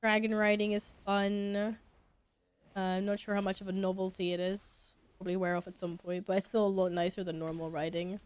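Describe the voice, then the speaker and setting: A woman's voice: mid-range voice, level tone, fairly quick, clean tone. A young woman streaming a game, chatting casually with her viewers and swearing now and then. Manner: chatty, talking to chat while playing, swears casually. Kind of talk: casual gameplay commentary.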